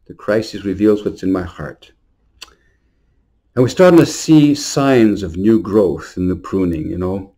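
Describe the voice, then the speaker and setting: A priest giving a short New Year homily in an earnest, storytelling way, sometimes repeating words. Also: male voice, low voice, unhurried, mellow. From Montreal.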